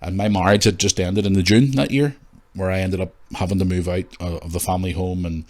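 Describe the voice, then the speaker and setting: A man hosting a casual solo podcast, rambling, candid and quick to swear. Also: low voice, fairly even intonation, a little mellow. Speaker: podcast host.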